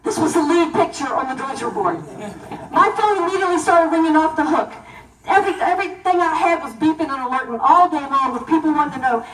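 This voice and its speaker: A middle-aged woman tells stories to a banquet crowd in an animated, emphatic way. Her voice sits high. The room mic is set back, so her words bounce around a roomy hall. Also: fast talker. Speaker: keynote banquet speaker. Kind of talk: storytelling speech to an audience. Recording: echoey hall, voice from far off.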